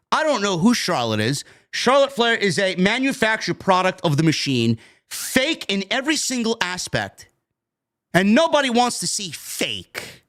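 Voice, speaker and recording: A man's voice: sits high, fairly bright tone. A man with a New York accent reviewing a wrestling show in a heated, profane, repetitive rant. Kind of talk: ranting commentary.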